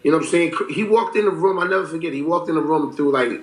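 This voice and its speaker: A man in his forties telling stories in a casual interview, profane and animated, acting out what people said. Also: a little high, quick pace. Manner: animated storyteller, profane, acts out quotes. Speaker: rapper guest. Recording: roomy echo.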